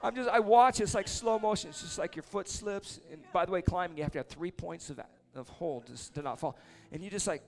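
A man preaching casually, telling a lively story and then praying over people in a church or meeting hall. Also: sits high, a little fast, creaky, hardly any pauses. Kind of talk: sermon with story and prayer.

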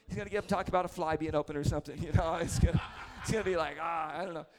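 A man's voice: on the high side, steady tone, very fast, darkish tone. A man in his forties preaching a sermon to a church congregation, telling chatty, self-deprecating stories with humor. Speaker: prayer leader preaching. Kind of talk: storytelling sermon. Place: church service before a congregation.

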